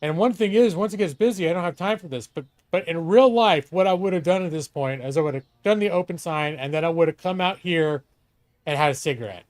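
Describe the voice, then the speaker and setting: A man's voice: a little high, fairly quick, no echo. A middle-aged man streaming a game live, chatting casually with lots of swearing and asides to a co-host. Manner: chatty, profane, talks to himself and a co-host. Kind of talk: live gameplay commentary.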